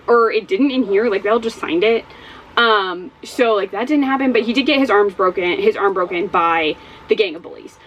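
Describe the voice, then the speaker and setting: A woman's voice: medium pitch, animated, brisk, highs cut off, slight background noise. A woman chatting casually in a reading vlog at home, rambling and exclaiming, repeating her points. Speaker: book vlogger. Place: home with dogs.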